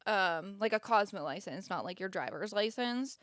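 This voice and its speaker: A young American woman co-hosting a podcast, chatty and teasing, laughing loudly. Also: medium pitch, expressive, moderate pace, no echo, clean studio sound. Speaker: podcast co-host. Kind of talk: casual chat.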